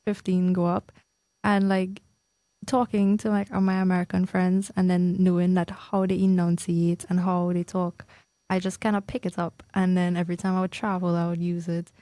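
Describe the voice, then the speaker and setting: A woman's voice: lowish voice, no echo. A young woman from Trinidad with a Trinidadian accent, chatting casually as a podcast co-host and laughing often. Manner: chatty, laughs often, quick bursts when excited. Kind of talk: casual chat.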